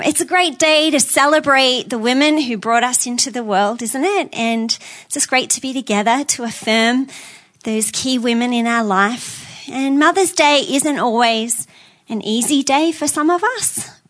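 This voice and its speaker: A woman's voice: fairly high pitch, a bit bright. An Australian woman giving a sermon as a guest speaker, chatty and often asking the congregation questions. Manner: conversational, asks the audience questions.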